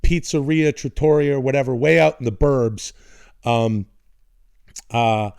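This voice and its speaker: A man's voice: medium pitch, a little slow, gravelly, a little mellow, smooth, no room sound. Rambling, swearing man in his forties. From North America. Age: 40s. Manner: rambling, swearing, restarts, put-on voices for relatives. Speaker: podcast co-host. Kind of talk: casual storytelling chat.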